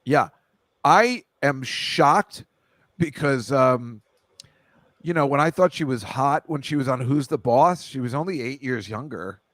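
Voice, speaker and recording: A man's voice: mid-range voice, expressive, unhurried, a bit bright, no echo. A middle-aged man hosting a podcast, rambling in casual chat with a jokey, self-deprecating manner. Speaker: podcast host.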